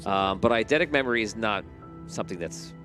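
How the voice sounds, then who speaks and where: A man's voice: on the low side, expressive, brisk, over music. A man acting as game master who rephrases himself as he explains rulings to his players. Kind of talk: running a tabletop game.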